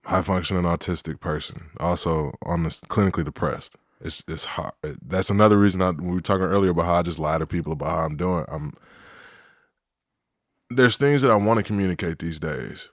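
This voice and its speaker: Very deep-voiced, candid man. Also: no echo. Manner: measured, candid, dry humor. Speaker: podcast guest. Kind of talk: casual interview chat.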